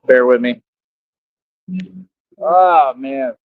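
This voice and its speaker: A man's voice: medium pitch, extremely slow, no echo. A tired man livestreaming in casual chat, boastful and streetwise, laughing often. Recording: dull lo-fi stream audio.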